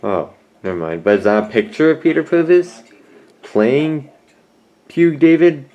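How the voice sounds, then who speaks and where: A man's voice: a little high, expressive, unhurried, lo-fi sound. A man giving a casual, rambling and jokey review of a show at home, often correcting himself. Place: at home with a cat on his lap.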